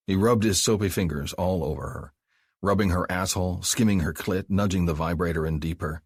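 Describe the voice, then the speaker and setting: A man narrating an audiobook in a calm, even storytelling manner. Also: low voice, brisk, slightly rough, no room sound. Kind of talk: scripted narration.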